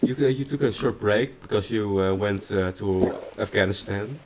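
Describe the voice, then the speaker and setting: A man's voice: lowish voice, normal speed. A man running a mock interview, blunt and crude, often stumbling over his questions. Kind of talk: mock interview, casual comedy. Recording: noisy recording.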